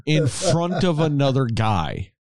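A man's voice: a little high, sing-song, slow, darkish tone, dry recording, clean studio sound. A man in casual chat about a movie, blunt and swearing casually as he jumps in.

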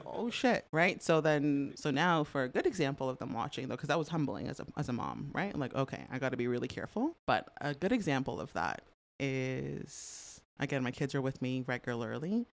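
A middle-aged Canadian woman with a bass, gravelly voice talks a little fast as a podcast guest in a casual interview. She's an animated storyteller who uses lots of fillers and laughs often. The recording is dry, with no room sound.

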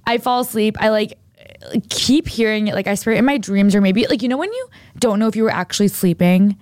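A woman's voice: mid-range voice, fairly quick, no echo, studio quality. A young woman casually telling a long story on a podcast, rambling and filling her speech with "like". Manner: rambling, heavy use of "like", animated retelling.

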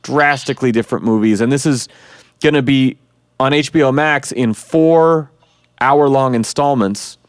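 A man's voice: mid-range voice, normal speed, clean tone, dry recording, clean studio sound. A man hosting a podcast in casual chat, rambling on and swearing freely. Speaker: podcast host.

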